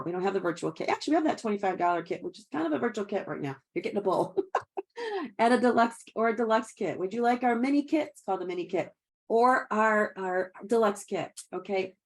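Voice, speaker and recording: A middle-aged woman coaching direct sellers in an upbeat, chatty way, laughing often and acting out sample calls. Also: medium pitch. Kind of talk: sales training talk.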